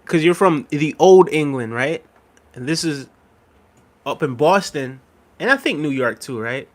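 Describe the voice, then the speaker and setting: A man's voice: on the high side, animated, unhurried. A man hosting a casual livestream, reading viewer comments aloud and chuckling often as he answers them. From United States. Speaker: livestream host.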